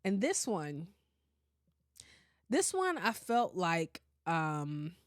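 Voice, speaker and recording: A woman hosting a podcast in casual chat, animated and blunt, swearing freely and often breaking into laughter. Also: on the low side, extremely slow, dry recording, clean studio sound. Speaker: podcast host.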